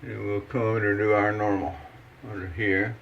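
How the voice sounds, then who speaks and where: A man's voice: fairly low pitch, little pitch movement, normal speed, vocal fry, dull audio, a little hiss or hum. Folksy man chatting while he shaves. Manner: folksy, rambling, many fillers and restarts. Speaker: shaving channel host. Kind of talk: casual how-to chat while shaving.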